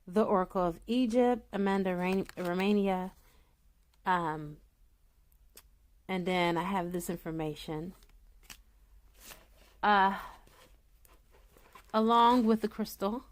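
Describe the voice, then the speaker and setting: A woman's voice: medium pitch, slow, pauses often. A woman tarot reader chatting casually to her viewers, emotional and gushing, close to tears as she talks. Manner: animated and excitable, swings from soft to loud.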